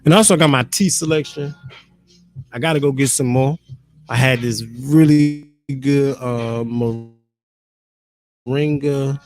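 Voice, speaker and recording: Gravelly man rambling casually on a stream. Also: mid-range voice, a little mellow. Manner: loose, profane, talks to himself and viewers. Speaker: live streamer.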